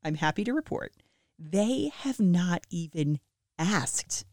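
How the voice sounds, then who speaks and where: A woman in her thirties chatting casually and self-deprecatingly to listeners about family life, with lively swings in her voice. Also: lowish voice, slow, dry recording, clean studio sound. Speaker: mom sharing family updates with listeners. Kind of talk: casual chat.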